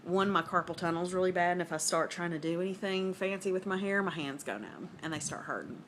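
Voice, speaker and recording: A woman's voice: low voice, a bit bright, slight background noise. A woman in her thirties with a Southern US accent, rambling casually to the camera at home. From American South. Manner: rambling, filler-heavy, conversational. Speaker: vlogger.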